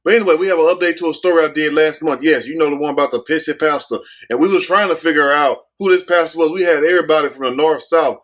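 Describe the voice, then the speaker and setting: A man's voice: fairly high pitch, fast, hardly any pauses, a bit bright. Joking, profane man hosting a commentary video. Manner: joking, profane, talks straight to viewers. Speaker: YouTube commentary host. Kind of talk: casual commentary rant.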